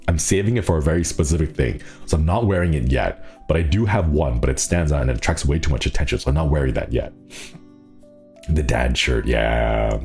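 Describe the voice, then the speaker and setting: A man's voice: rumbling low, brisk, darkish tone, soft background music. A young man streaming, chatting casually with viewers, rambling with frequent laughs and restarts. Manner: rambling, laughs often, many restarts and fillers. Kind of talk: casual chat reading viewer comments.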